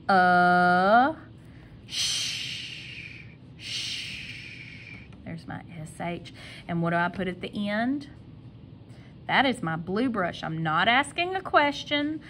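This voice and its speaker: A woman teaching a kindergarten phonics lesson, sounding out letters slowly and stretching each sound. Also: medium pitch, fairly bright tone, slight background noise.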